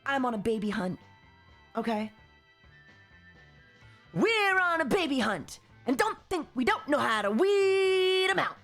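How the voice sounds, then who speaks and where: A woman voicing a female drill captain who barks slow, drawn-out commands at her cadets. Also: a little high, fairly bright tone, soft background music. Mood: commanding.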